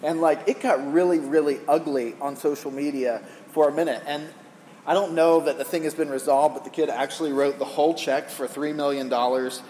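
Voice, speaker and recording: A middle-aged male pastor preaches in a loose, animated way, spinning personal stories and tossing questions to the room. His stage mic carries a long reverb tail from a large hall. A faint hum of background noise sits underneath. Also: fairly high pitch, a little fast. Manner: animated, storytelling, rhetorical questions to the crowd. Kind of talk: conversational sermon.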